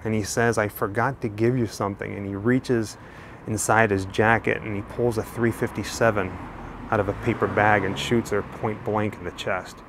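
Low, gravelly true crime host. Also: male voice, moderate pace, background noise. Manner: steady storytelling, walking narration. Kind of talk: on-location true crime narration. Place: outdoors on a residential street.

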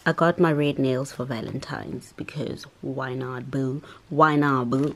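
A woman's voice: sits low, fairly even intonation, normal speed, a little hiss or hum. A young South African woman vlogging in a sassy, dramatic way, tossing in "child" and "honey". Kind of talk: casual vlog chat.

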